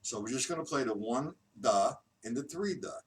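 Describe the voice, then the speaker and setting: A man's voice: medium pitch, lively intonation. A man teaching a live-streamed drum lesson, patiently counting beats aloud and explaining each exercise. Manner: slow, patient counting aloud, demonstrating rhythms. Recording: distant mic with loud noise.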